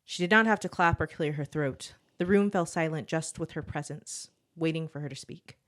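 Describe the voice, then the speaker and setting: A woman with a low, grounded voice reads her own short fiction aloud at an even storytelling pace. As a podcast co-host, she then slips into easy, laughing chat with her partner. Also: normal speed, hardly any pauses. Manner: steady storytelling read, laughs often in chat.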